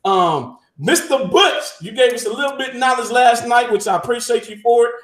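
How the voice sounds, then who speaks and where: A man's voice: very high voice, brisk, fairly bright tone, echoey room. A man hosting a live stream interview, hyping his guest and asking viewers to like and post questions. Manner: hypes the guest, asks viewers to engage. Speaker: host.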